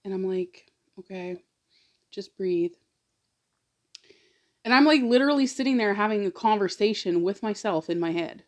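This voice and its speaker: A woman's voice: mid-range voice, fast. A woman vlogger telling a personal story in a casual, rambling way, full of "like" and emotional asides. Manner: rambling, fills talk with "like"; emotional, confiding. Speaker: mukbang vlogger.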